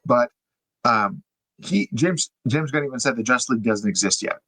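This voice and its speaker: A young man talks through a podcast in a loose, chatty way, leaning on "like" and "uh" as he explains. His voice sits at an ordinary middle pitch. It is recorded dry and close, with no room sound. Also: moderate pace, slightly rough, dry recording, poor audio. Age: young adult. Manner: chatty, lots of fillers, animated explaining. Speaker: podcast co-host. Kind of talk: casual podcast chat.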